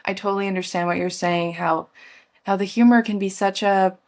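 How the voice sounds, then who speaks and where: A woman's voice: medium pitch, steady tone, a little fast. A woman hosting an interview, talking in gushing, rambling sentences with many restarts. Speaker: interview host. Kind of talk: conversational interview.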